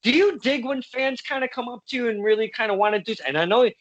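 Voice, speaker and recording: A man with a high, bright, forceful voice hosts a casual interview over a video call. He talks excitably and stumbles, repeating his first words before he gets going. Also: fast. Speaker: interviewer, podcast host.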